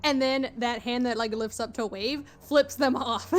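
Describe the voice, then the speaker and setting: A woman's voice: fairly high pitch, a little slow, faint music behind. A woman playing a tabletop game, casual and laughing, swearing freely as she describes her character's moves. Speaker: player.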